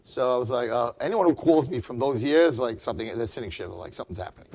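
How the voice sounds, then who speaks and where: A middle-aged rabbi telling an inspirational story in a chatty, informal way, acting out the dialogue and building to excited peaks. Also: male voice, medium pitch, fast talker.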